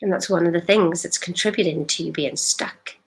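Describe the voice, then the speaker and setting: Woman life coach, lowish voice, blunt and emphatic on a live stream. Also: moderate pace. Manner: direct, emphatic, rhetorical questions.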